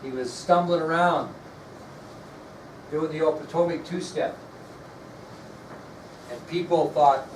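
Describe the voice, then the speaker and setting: A man's voice: fairly high pitch, fairly even intonation, slow pace, pauses often. A man giving a history lecture to his class, blunt and folksy, often putting questions to the students. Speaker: history teacher. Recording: echoey classroom from far off with noise.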